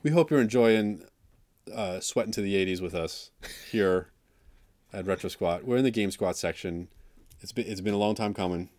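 A man's voice: lowish voice, moderate pace, a little mellow, a little hiss or hum. A man co-hosting a casual chat show, joking and rambling with mock outrage. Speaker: podcast co-host.

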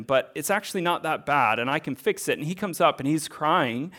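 A man's voice: a little high, very animated, normal speed, few pauses, fairly bright tone. A man in his thirties giving a sermon as a pastor, earnest and conversational, asking rhetorical questions.

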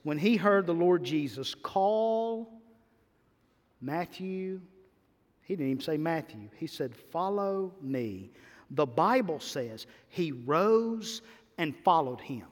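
High voiced guy preaching a sermon, gets loud then goes real soft, big church reverb. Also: takes it slowly. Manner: animated preaching with sudden loud and soft swings. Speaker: pastor. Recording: long hall reverb.

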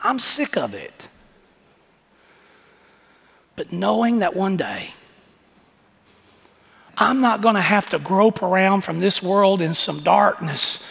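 A man's voice: sits high, sing-song, takes it slowly, creaky, pauses often, a bit bright, breathy edge. A man preaching a sermon as pastor, with impassioned, folksy storytelling. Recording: echoey hall reverb.

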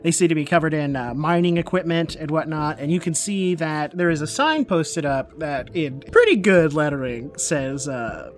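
A man's voice: a little high, animated, normal speed, few pauses, soft background music. A man narrating as game master of a tabletop game, describing scenes with many fillers.

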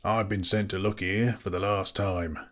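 A man's voice: on the low side, fairly even intonation, moderate pace, close to an everyday voice. A man voicing an earnest, plain-spoken man who searches a battlefield for survivors. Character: swift, sure-footed man searching a battlefield.

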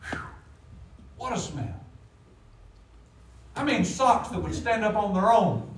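A man preaching a sermon as pastor, animated, with big swings in loudness. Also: high-pitched, slow, distant mic. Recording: echoey room, voice from off the mic.

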